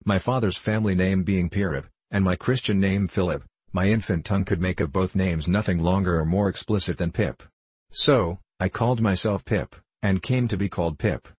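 Deep, husky man reading a novel. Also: a little mellow, dry recording. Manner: measured, deliberate reading. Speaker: audiobook narrator. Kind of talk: scripted narration of a classic novel.

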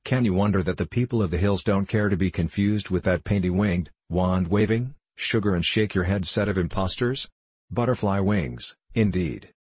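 A man's voice: low-pitched, darkish tone, breathy edge, dry recording. A man voicing an ancient, mischievous male hill sprite in an audiobook, wry and knowing, sometimes scornful. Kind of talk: audiobook character reading.

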